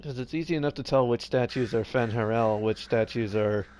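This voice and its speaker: A man's voice: mid-range voice, brisk, a little mellow, slight background noise. A tired man streaming a game live, rambling casually and reading game text aloud as he plays. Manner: rambling, reads game text aloud, trails off mid-sentence. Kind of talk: casual live gameplay commentary.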